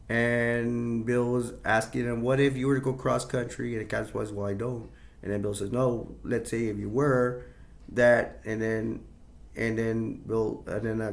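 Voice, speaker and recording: A man's voice: medium pitch, vocal fry. A man casually retelling a movie scene, rambling with many restarts and fillers. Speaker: movie reviewer.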